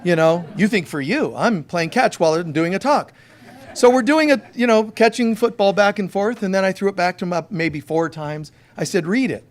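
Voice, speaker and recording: A man's voice: high-pitched, moderate pace. A man preaching a conversational sermon as a spiritual teacher, emphatic and storytelling, talking straight to his listeners. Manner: emphatic, direct address to listeners.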